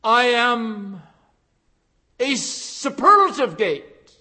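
Brief: male preacher, high voice, unhurried sermon delivery, hammers key phrases. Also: sing-song, bright, forceful tone. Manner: emphatic, repeats key phrases with rising force.

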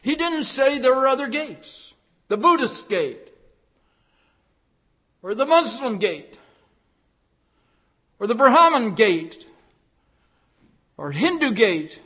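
A man's voice: very high voice, very animated, slow, pauses often, bright, forceful tone, breathy edge. A man preaching a sermon, emphatic and repeating key phrases with rising force.

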